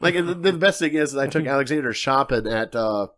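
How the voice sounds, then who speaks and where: Laughing, animated male podcast host. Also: medium pitch, fast. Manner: animated storyteller, laughs often, acts out quotes. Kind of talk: casual sports podcast chat.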